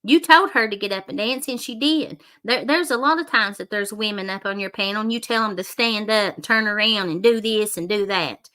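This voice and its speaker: A woman's voice: medium pitch, a little fast, few pauses, sharp tone. A woman hosting a casual reaction commentary, blunt and profane and laughing often. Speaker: commentary channel host.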